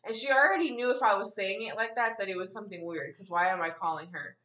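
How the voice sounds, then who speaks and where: A young woman in casual chat, expressive and swearing often, a little off the mic. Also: mid-range voice, quick pace, far from the mic. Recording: roomy, a bit off-mic.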